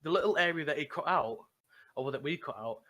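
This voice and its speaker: A man's voice: on the high side, lively intonation, fairly quick, bright, forceful tone. Rambling man telling a gaming story. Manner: rambling storyteller, frequent restarts and laughs. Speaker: podcast co-host, gamer. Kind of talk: casual chat recapping a game server.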